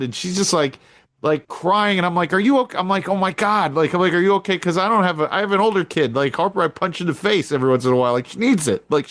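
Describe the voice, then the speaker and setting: Middle-aged guy cohosting a podcast, kinda high voice, animated storyteller, dry close mic. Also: dry recording. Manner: animated storyteller, acts out quotes with big jumps up in pitch. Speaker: podcast co-host; girls flag football coach. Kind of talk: casual chat.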